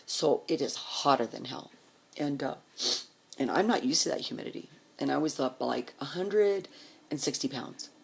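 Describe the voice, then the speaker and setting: Woman telling her own story, blunt and salty, husky low voice with whispered asides. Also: animated, moderate pace. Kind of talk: casual personal storytelling.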